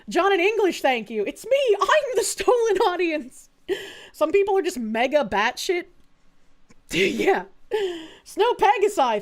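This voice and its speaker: Young woman streamer, high voice, foul-mouthed, animated casual chat, laughs a lot. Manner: swears a lot, laughs often, animated storytelling. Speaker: VTuber streamer.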